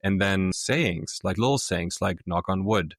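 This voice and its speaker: A middle-aged man who grew up in Germany speaks in a very low voice. He tells stories in a relaxed podcast chat and slips into the voices of the people in his anecdotes. The recording is close and dry. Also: a little slow, no echo. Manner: animated storyteller, acts out quoted voices. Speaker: podcast guest, author. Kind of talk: casual storytelling chat.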